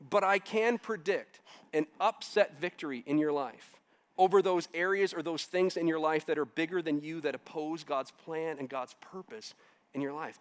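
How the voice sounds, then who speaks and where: A man's voice: fairly high pitch, clear, resonant tone. A middle-aged man, a pastor, preaching a sermon in a church and building to emphatic declarations.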